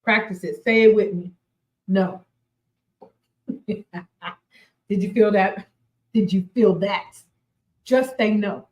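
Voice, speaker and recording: A woman in her forties hosts a faith-based motivational talk show in a slow, emphatic delivery. She drives each point home by repeating key phrases and laughs often between them. Her pitch sits in the middle range, and the recording has a roomy echo. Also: a little mellow. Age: 40s. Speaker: radio show host. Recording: roomy echoey sound.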